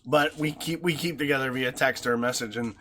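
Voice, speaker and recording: A man co-hosting a podcast in his home studio, an animated, crude storyteller who laughs often. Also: medium pitch, brisk, a little hiss or hum. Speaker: podcast co-host. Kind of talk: casual chat.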